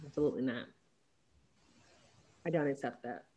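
A woman co-hosting a podcast in casual chat, blunt and animated, quick to laugh at herself. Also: a bass voice. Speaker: podcast co-host.

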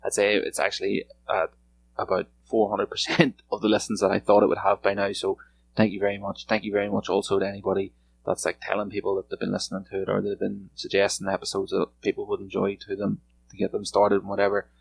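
A low, gravelly-voiced man talks alone on his podcast, drifting from point to point. He swears freely and stays laid-back, with very little lift in his pitch. Faint noise sits under the recording. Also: completely flat delivery, fast talker, rough recording. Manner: rambling, profane and laid-back. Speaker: podcast host. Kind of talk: solo podcast chat. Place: home room.

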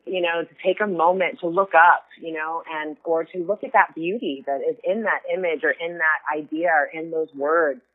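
A woman's voice: low-pitched, steady tone, normal speed, hardly any pauses. A woman guest in casual chat, talking in an earnest, effusive, rambling way. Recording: tinny phone line.

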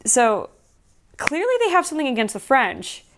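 A woman's voice: high-pitched, moderate pace. A woman hosting her own show, talking in a casual, sardonic way that turns reflective. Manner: sardonic and animated, softening to reflective. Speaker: podcast host. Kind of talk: casual solo commentary.

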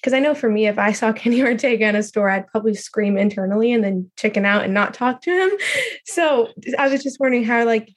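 A woman's voice: a little high, fast talker. Woman, from Louisiana, caller, hesitant, filler words, video call. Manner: hesitant, filler-laden, giggly. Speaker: audience caller. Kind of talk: asking a question.

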